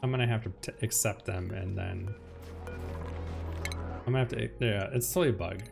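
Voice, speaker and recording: A man hosting a game let's play, chatting casually as he plans his base and reacts with loud alarm when things go wrong. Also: on the low side, moderate pace, creaky. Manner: chatty, swings between calm planning and loud alarm. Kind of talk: casual gameplay commentary. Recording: music playing behind the voice.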